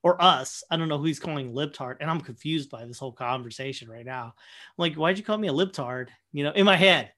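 A young man casually telling a profane, animated story, full of fillers and quoted asides. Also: on the high side, quick pace. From Michigan, USA. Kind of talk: casual anecdote chat.

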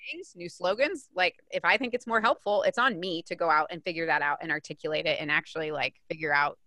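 Emphatic, energetic woman author. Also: lowish voice, fast, no echo, clean studio sound. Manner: energetic and emphatic, with frequent restarts. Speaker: author and coach. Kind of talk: guest in a casual interview.

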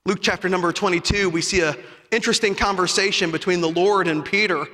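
High, bright-voiced preacher in a reverberant hall. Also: male voice, fairly even intonation, quick pace. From south side of Chicago. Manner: impassioned, rising to shouts and dropping to hushed tones. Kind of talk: sermon.

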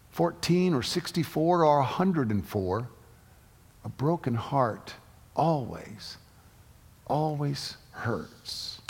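Middle-aged pastor, storytelling sermon, mid-range voice, long hall reverb. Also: male voice, medium pitch, creaky, darkish tone. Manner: storytelling, halting with frequent restarts.

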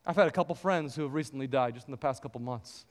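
A man's voice: mid-range voice, quick pace, in a large hall. A male pastor preaching a sermon in a church, telling a story and rising into fervent scripture quotes. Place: church sanctuary.

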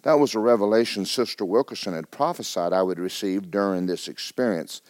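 A middle-aged man preaching a sermon as pastor, telling a personal story with stammering restarts and sudden swings between hushed and loud. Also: on the low side, a little fast, dry recording.

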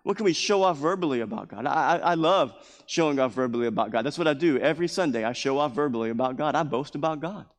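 Male pastor, slightly high-pitched, repeats phrases for emphasis, recorded in a reverberant sanctuary. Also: quick pace, few pauses. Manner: acts out scripture quotes in a raised voice. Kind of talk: sermon. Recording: long hall reverb.

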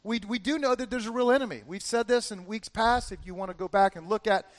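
A middle-aged man preaching a sermon, telling a story with lively quotes and asking "right?" often. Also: sits high, fast talker. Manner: animated storytelling, acting out quotes, frequent "right?". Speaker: pastor.

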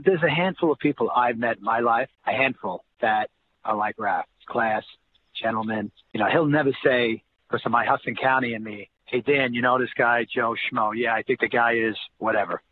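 A man, a guest telling stories in a casual interview and acting out quotes. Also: mid-range voice. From New Jersey. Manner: animated storyteller acting out quotes. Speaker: interview guest, former college basketball player. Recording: tinny phone-line audio, faint hiss.

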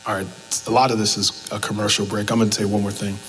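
A man's voice: lowish voice, fast talker, long reverb tail, a little hiss or hum, low-quality recording. A man preaching a sermon as pastor, telling stories and acting out both sides of conversations. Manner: animated storytelling, acts out both sides of conversations.

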